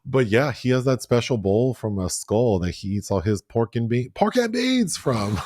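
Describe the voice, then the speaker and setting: A man's voice: mid-range voice, very animated, normal speed, a little mellow, dry recording, clean studio sound. A man co-hosting a review podcast, chatting casually through a show recap, laughing and acting out the characters' lines. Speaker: film review podcast co-host.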